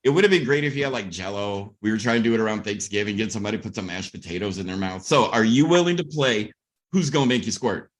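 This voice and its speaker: A man's voice: fairly low pitch, fast talker. A man hosting a casual live stream, teasing his guest with goofy pickup lines. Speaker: host.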